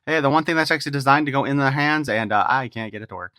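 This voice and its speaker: A man's voice: mid-range voice, rapid-fire, pushed and bright, no room sound, clean studio sound. A man giving a casual toy unboxing review, reading a file card aloud and breaking off for irreverent wisecracks.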